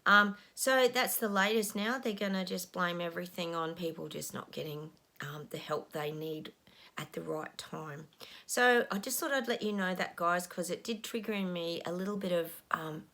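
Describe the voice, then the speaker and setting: A woman's voice: mid-range voice, moderate pace, hardly any pauses, bright, forceful tone. A middle-aged woman, a psychic talking casually to her viewers, frustrated and ranting, sometimes dropping to a whisper. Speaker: psychic channel host.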